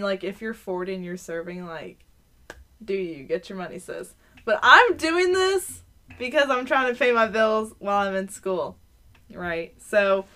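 On a podcast, a woman in her twenties speaks with a bright, forceful tone at medium pitch. It's casual chat, and she's blunt and profane as she vents, imitating customers in mocking voices.

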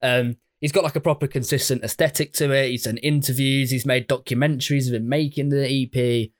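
Chatty English man, sweary and excited. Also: medium pitch, fairly quick. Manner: enthusiastic, sweary, rambling with fillers. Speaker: podcast co-host. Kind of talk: casual chat.

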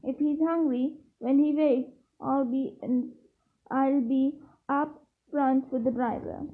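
A woman reading aloud as a kindly, plump older witch selling sweets from a trolley, in a slow, gentle voice. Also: sits high, steady tone. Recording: tinny phone-like sound.

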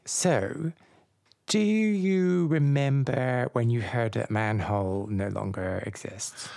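A man with a gravelly voice hosts a casual interview, chatty and quick to laugh. He often stops to correct himself, and the recording sounds close and dry. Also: mid-range voice, darkish tone, no room sound.

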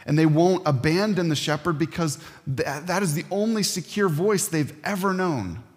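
A man preaching a sermon as a pastor, earnest and emphatic, with dramatic pauses. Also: on the high side. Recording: long hall reverb.

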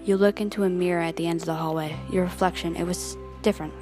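Lower-voiced young woman narrating a story. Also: fairly even intonation, quick pace. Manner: dramatic, questioning, earnest. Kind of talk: second-person story narration. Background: music.

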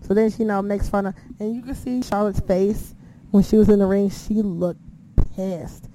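A woman's voice: mid-range voice, steady tone, moderate pace, noisy background. A woman casually recapping a wrestling show, swearing freely and acting out her own reactions.

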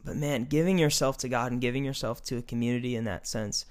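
A man's voice: mid-range voice, fast. A man speaking as a podcast guest. His casual, earnest chat builds into a fired-up preaching voice.

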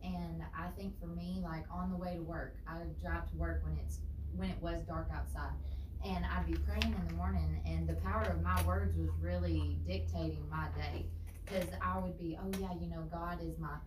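A woman's voice: fairly low pitch, steady tone, normal speed. A woman in a Bible study group who candidly shares a personal testimony in a reflective way. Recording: roomy and distant with background noise.

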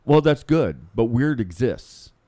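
A man's voice: mid-range voice, animated, takes it slowly, warm tone, no room sound. A man co-hosting an unscripted chat, joking and loose with casual grammar. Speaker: podcast co-host.

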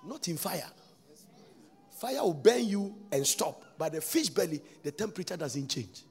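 A man preaching a sermon, breaking into sudden shouts and sing-song lines. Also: on the high side, sing-song, moderate pace, slightly rough, soft background music.

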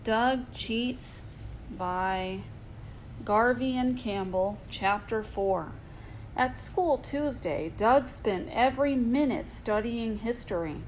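A woman reads a bedtime story aloud in a gentle, playful manner. Her voice sits fairly high, with a faint hiss of noise behind it. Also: expressive, takes it slowly, rough recording. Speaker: host and storyteller.

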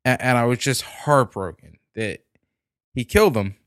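A man's voice: mid-range voice, lively intonation, moderate pace, a bit bright, no echo, clean studio sound. A man in casual podcast chat, telling a story and giving blunt opinions.

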